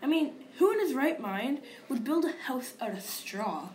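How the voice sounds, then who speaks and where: A woman's voice: high-pitched, big pitch swings, normal speed, darkish tone, slight background noise. A woman reading aloud as a male wolf narrator, telling his side of the story in an aggrieved, confiding manner. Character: wolf, male, self-pitying and sly.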